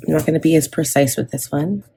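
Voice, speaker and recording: A woman's voice: sits low, fast, gravelly, mellow, slightly rough. A woman from Canada in her thirties chatting casually as she plans and decorates her planner, rambling with frequent ums and restarts. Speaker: planner vlogger.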